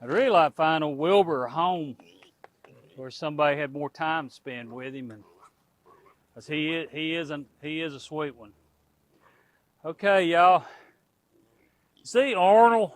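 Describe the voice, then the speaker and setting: Guy filming his farm vlog, kinda high voice, talks to the goats n viewers, outdoors on a camera mic. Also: measured pace, long pauses. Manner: folksy, talks to animals and viewers. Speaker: homestead vlogger.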